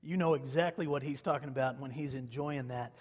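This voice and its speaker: A man's voice: mid-range voice, fairly quick, darkish tone. Man preaching in an echoey hall. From Kansas. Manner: conversational storytelling, repeats phrases for emphasis. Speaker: pastor. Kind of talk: sermon.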